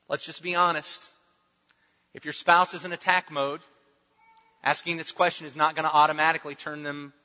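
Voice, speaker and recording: A man's voice: on the high side, bright, forceful tone. A man preaching a sermon in an emphatic, repetitive style, with playful asides. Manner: emphatic, repeats key phrases, playful asides. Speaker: pastor. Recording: dull recording with long hall reverb.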